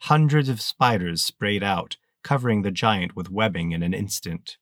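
This audiobook narrator is a man with a deep voice who reads evenly and deliberately. His recording is close-miked and dry, free of any reverberation.

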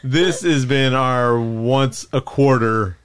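A man hosting a podcast, chatting in an animated, rambling way. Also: mid-range voice, slow, very noisy. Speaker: podcast host. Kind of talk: casual chat.

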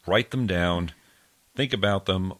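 Deep-voiced man co-hosting a podcast. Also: unhurried, a bit bright. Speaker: podcast co-host. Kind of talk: casual podcast chat.

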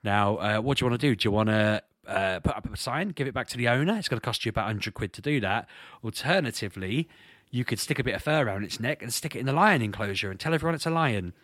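A man chatting casually on a podcast, telling rambling, amused stories with a slightly hoarse voice. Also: medium pitch, expressive, fast talker, fairly bright tone, no room sound, clean studio sound. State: slightly hoarse, clearing throat. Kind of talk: casual chat.

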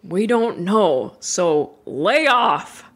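A young adult woman doing stand-up comedy, unhurried in her delivery. Her voice rises and falls widely as she rambles through silly, self-deprecating stories. She sometimes jumps into high, squeaky voices for imagined friends. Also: lively intonation.

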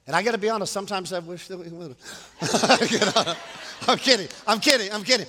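A man in his fifties preaching a sermon, animated, moving between quiet storytelling and loud preaching. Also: high-pitched, fairly quick, big-room sound. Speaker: pastor.

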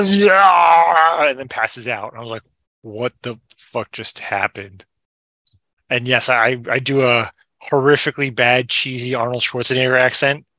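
A man with a bright, forceful tone talks about a film in a loose, amused way, trailing off and circling back as he goes. The sound is dry and close, with no room around his voice. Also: mid-range voice, dry recording. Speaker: podcast guest. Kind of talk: casual film discussion.

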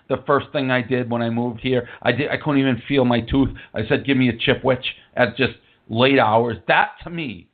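A man hosting a call-in radio show, talking bluntly and rambling casually between callers. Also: mid-range voice. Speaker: host taking listener calls. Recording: narrow phone-like audio.

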